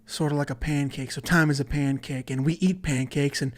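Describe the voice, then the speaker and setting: A man doing an impression of a famous actor, musing slowly in nonsense profundities. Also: on the high side, steady tone, natural voice. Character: drawling, cryptic philosophizing male movie star.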